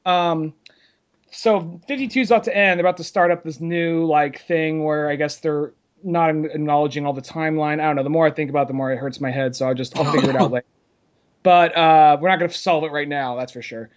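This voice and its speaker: A man's voice: on the high side, steady tone, fast talker, highs cut off. A man co-hosting a casual podcast who rambles, restarts his sentences and loses his train of thought. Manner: rambling, with many fillers and trailing thoughts. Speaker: podcast co-host. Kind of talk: casual chat.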